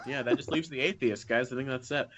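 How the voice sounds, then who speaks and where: Excitable man hosting a podcast. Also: mid-range voice, noisy background. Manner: excitable, laughing, quick to jump in. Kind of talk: casual podcast chat.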